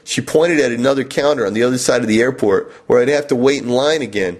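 A man hosting a podcast, telling a comic first-person travel story in a wry, animated way. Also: mid-range voice, quick pace, few pauses.

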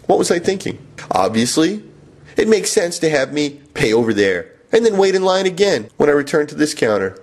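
A man hosting a podcast, telling a comic first-person travel story in a wry, animated way. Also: fairly high pitch, fairly quick.

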